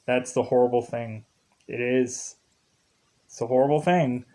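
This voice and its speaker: A man's voice: mid-range voice, steady tone, a little slow, dark tone. A man casually recapping a TV episode in a rambling way, repeating filler words and chuckling often. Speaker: TV show reviewer. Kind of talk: casual commentary.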